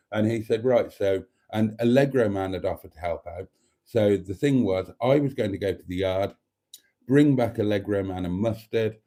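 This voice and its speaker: A man with a low-ish, mellow voice hosts his own channel from a table indoors. He rambles casually to his viewers in a camp, affectionate way.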